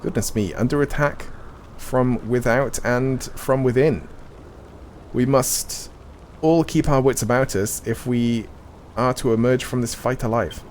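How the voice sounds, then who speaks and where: A man reading out a stern army commander's lines from a game, slowly and deliberately. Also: medium pitch, a little mellow, a little hiss or hum, lightly acted. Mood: solemn.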